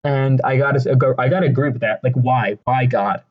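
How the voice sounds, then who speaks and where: A man giving casual, rambling commentary with a deadpan delivery, crude jokes and many fillers and restarts. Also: medium pitch, fairly quick, highs cut off. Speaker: video creator ranking songs.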